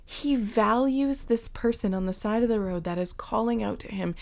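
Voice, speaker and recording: A woman gives an earnest, reflective devotional talk, dropping to whispers for quoted voices and acting out Bible characters with lively shifts. Her voice is a little high and creaky, at normal speed.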